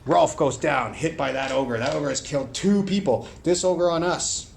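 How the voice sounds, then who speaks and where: A man narrating a solo tabletop game, rolling dice aloud and breaking into shouted play-by-play. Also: fairly high pitch, normal speed, gravelly, slight background noise.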